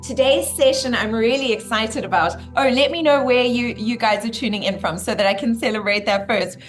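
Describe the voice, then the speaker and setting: A woman's voice: on the high side, a little fast, soft background music. Effusive woman live-streaming. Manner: effusive, greets viewers by name. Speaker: live-stream host and spiritual teacher. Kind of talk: live-stream spiritual talk.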